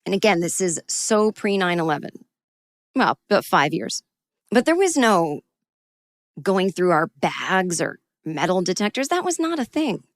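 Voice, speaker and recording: A woman hosting a solo podcast, telling a personal story in a wry, self-deprecating and animated way. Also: lowish voice, unhurried, no echo, studio quality. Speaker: podcast host and comedian.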